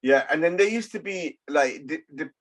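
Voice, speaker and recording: A man's voice: fairly high pitch, animated, normal speed. Rambling, hesitant man in casual chat. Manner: rambling, hesitant, lots of fillers.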